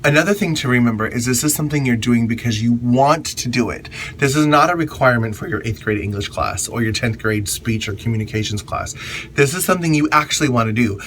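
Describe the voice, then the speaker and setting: A man's voice: medium pitch, fairly bright tone, slight background noise. Chatty man giving candid stage advice. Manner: candid, chatty, emphatic repetition. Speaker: drag performer and event host. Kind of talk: casual advice vlog.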